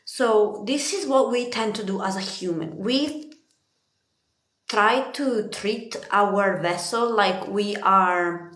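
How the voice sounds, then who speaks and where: A woman from Italy giving a casual spiritual card reading, chatty and laughing often, swearing freely. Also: mid-range voice. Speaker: tarot card reader. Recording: echoey room.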